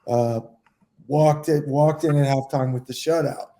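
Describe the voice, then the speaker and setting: A middle-aged man co-hosting a casual round-table podcast, telling relaxed anecdotes. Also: fairly high pitch, measured pace. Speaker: podcast co-host, former goalkeeper.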